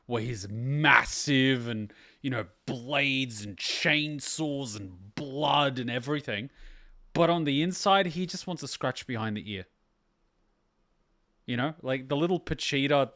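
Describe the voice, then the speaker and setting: Hosting an anime reaction video, a man with a mid-range voice chats casually and excitably, telling loose, rambling anecdotes and swearing freely.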